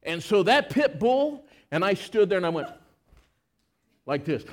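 High-voiced preacher telling a story slowly. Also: male voice, sing-song. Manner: dramatic, acts out the scenes. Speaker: pastor. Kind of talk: storytelling sermon. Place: church service.

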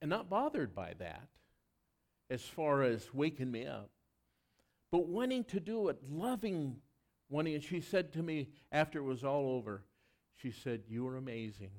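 Preaching as pastor, a man shares personal stories in an earnest, lively manner, now and then joking at his own expense. His voice is a little high and his delivery unhurried.

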